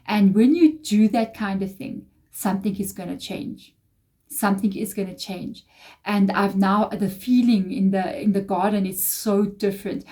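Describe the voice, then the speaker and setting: A woman's voice: mid-range voice, fairly even intonation, normal speed, dark tone. A woman giving a casual tarot reading, rambling and confiding with emotional asides. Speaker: tarot reader.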